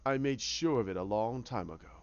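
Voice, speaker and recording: A man's voice: medium pitch, fairly quick, smooth, pitched below the performer's own voice, natural voice. A man voicing a meek scientist who is really a sinister hatter villain, swinging between pleading and cold menace, on a dull lo-fi recording. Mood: cold menacing.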